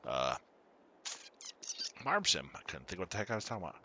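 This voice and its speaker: A man chats his way through a farming game stream, a low-set voice that swings lively and bright. He laughs easily and greets viewers as they drop in. The mic sound is a little dull and lo-fi. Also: brisk, a little hiss or hum. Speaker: gaming streamer. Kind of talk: casual gameplay commentary.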